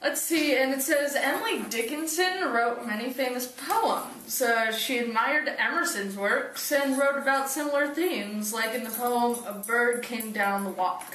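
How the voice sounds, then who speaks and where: A woman's voice: fairly high pitch, measured pace, few pauses, fairly bright tone, a little hiss or hum. A teenage girl reading her part of a class project, with "um" and "let's see" between points. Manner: reads with fillers "um" and "let's see". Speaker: student presenter. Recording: echoey room from far off.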